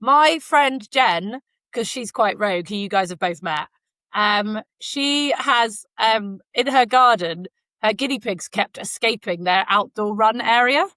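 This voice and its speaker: A woman's voice: a little high, measured pace, pushed and bright, dry recording. Chatty woman, dry close sound. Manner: chatty storyteller, frequent fillers. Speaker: podcast co-host. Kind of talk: casual chat. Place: Canada.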